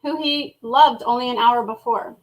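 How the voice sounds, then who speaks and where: Blunt woman with a higher voice. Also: normal speed, poor audio. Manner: blunt, opinionated, swears freely. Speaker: co-host of a live review show. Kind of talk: casual live review discussion.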